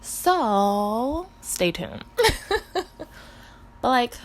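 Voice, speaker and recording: A woman's voice: a little high, very animated, very slow, slight background noise. A stoned woman in a rambling, profane, casual storytime, often interrupting herself and laughing. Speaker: vlogger.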